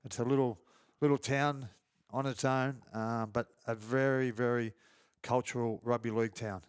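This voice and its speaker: A man's voice: mid-range voice, fairly even intonation, moderate pace, clean tone, no room sound, clean studio sound. A man, hosting a casual interview and asking friendly questions, often calling the guest mate. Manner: friendly, says mate a lot. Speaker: podcast host, former rugby league player.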